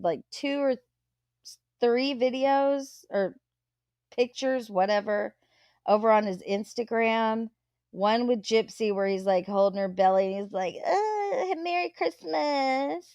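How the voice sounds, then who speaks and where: Woman host, casual gossipy livestream chatter, unhurried delivery, dry close sound. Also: mid-range voice, no room sound. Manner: chatty, gossipy, greets viewers, swears and laughs. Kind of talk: casual live chat.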